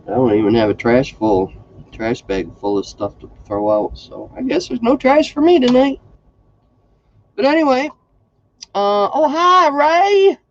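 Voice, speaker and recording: A man's voice: on the low side, darkish tone, lo-fi sound. A man hosting a casual crafting livestream, chatty and folksy, greeting viewers by name.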